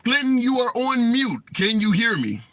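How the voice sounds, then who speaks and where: A man's voice: very high-pitched, very animated, moderate pace, bright, forceful tone, no room sound. A man hosting a political livestream, reading viewer comments aloud and taking callers in a chatty way. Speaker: livestream host.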